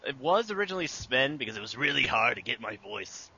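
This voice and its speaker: A man's voice: medium pitch, sing-song, fairly quick, vocal fry, sharp tone, muffled recording, slight background noise. A young man answering interview questions about making his abridged series, casual and rambling with many fillers.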